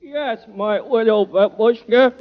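A man's voice: high-pitched, slow pace, background noise. An actor playing a bewildered old father in a radio comedy sketch, dithering and confused. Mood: muddled. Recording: tinny old radio broadcast.

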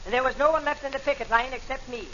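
A man's voice: extremely high pitch, rapid-fire, a bit bright, slight background noise. A man doing a blustering barber-hating crank in a brogue. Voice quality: stage brogue, says "me" for "my". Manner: blustering, bursts into indignant outbursts. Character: stubborn long-haired man who hates barbers. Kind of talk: 1940s radio comedy sketch. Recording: dull lo-fi old radio broadcast.

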